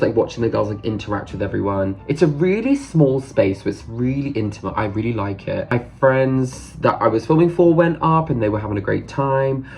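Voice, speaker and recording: A British man in his twenties recounts a story in a casual vlog, gushing and excitable and dropping "like" into every phrase. His voice has a gravelly, fry-tinged texture. His pitch leaps up and down animatedly. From Britain. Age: 20s. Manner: excitable, gushing, full of "like" fillers. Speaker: vlogger.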